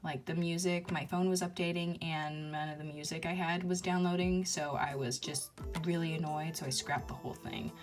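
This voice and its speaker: A woman's voice: low voice, steady tone, moderate pace, hardly any pauses. Rambling woman over background music. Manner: rambling, lots of ums and uhs. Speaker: toy-figure video maker. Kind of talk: casual chat.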